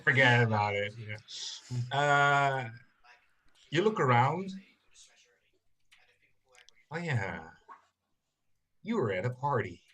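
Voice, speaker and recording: A man narrating a tabletop game as game master, in slow, halting narration with many fillers. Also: medium pitch, expressive, sharp tone.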